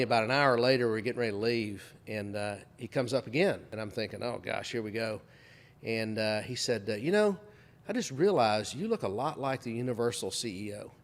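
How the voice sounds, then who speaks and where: A middle-aged man tells a story in casual chat and acts out the other people's lines. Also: on the low side. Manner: animated storyteller, acts out quoted voices. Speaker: guest.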